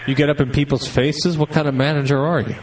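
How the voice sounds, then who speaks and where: A man's voice: a little high, fairly even intonation, quick pace. A man making a prank phone call, pushy and accusing in a mock-offended way. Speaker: prank caller. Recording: distant noisy phone line.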